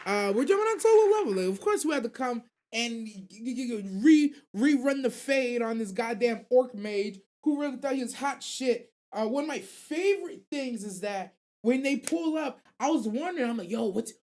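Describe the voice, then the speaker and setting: A woman hosting a casual anime radio show, animated and slangy, rambling and swearing freely. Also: a little high, normal speed, few pauses. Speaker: host.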